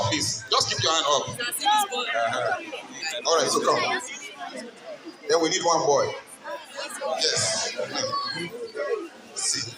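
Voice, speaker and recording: A man with a Nigerian accent giving a motivational talk to school pupils, posing questions for the room to answer in a sing-song way. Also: fairly high pitch. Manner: call-and-response questioning, sing-song emphasis. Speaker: guest speaker at a school event. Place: school hall. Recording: echoey hall, distant mic, music and crowd behind.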